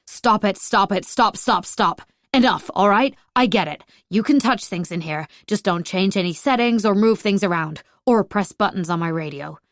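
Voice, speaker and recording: A woman voicing a prickly, grumpy young man in an audiobook, gruff and defensive. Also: medium pitch, moderate pace, few pauses, no echo, studio quality, natural voice. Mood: grumbling. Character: grumpy young man, prickly rival driving an old truck. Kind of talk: audiobook character voice.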